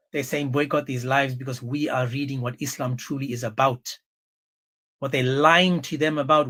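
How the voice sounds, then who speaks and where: A man hosting a livestream, talking in a forceful, scornful, repetitive way. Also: mid-range voice. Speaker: livestream host. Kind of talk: heated livestream commentary.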